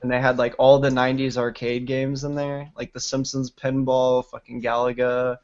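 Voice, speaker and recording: A man's voice: medium pitch, level tone, normal speed, lo-fi sound. A man with stuffed-up sinuses chatting casually on a livestream, rambling and swearing freely between laughs.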